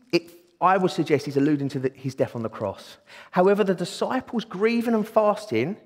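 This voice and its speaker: Guy preaching, really high voice, lively, echoey church hall. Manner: excitable, bursts into exclaiming. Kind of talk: sermon. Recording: long hall reverb.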